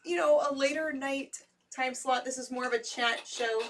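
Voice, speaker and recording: Chatty woman, higher voice, off-mic. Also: fairly even intonation, moderate pace, fairly bright tone, far from the mic, a little hiss or hum. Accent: Ohio. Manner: chatty, laughs easily, greets viewers. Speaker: co-host. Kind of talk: casual live-stream chat.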